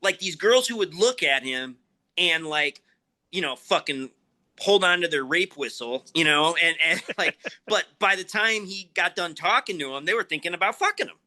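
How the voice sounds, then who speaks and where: A man's voice: high-pitched, lively intonation, normal speed, pushed and bright. A man in his forties from the Chicago area, telling profane, laugh-filled stories as a guest in a casual interview. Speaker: wrestler guest.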